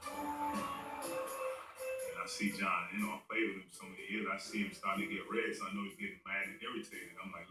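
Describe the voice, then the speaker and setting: Low bright man, casual storyteller. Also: steady tone, normal speed, long pauses, recorded from a distance. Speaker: former teammate, interviewee. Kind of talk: documentary interview. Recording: roomy, off-mic, faint music.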